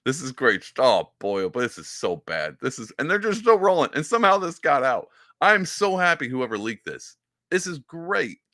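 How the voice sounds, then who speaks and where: Recorded dry with clean studio sound, a podcast host with a mid-range voice speaks at normal speed. He reacts to a clip animatedly, mocking it with impressions and using plenty of fillers.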